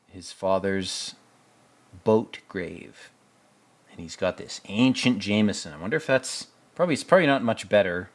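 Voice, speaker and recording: Sarcastic, profane male show commentator. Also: deep voice. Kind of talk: casual episode commentary.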